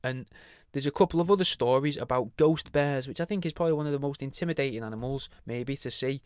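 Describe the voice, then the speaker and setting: A man's voice: medium pitch, quick pace, darkish tone, clean tone, dry recording, studio quality. A man hosting a podcast alone, chatting casually in a rambling, sweary way, with many asides and restarts. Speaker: podcast host. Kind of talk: casual solo podcast monologue.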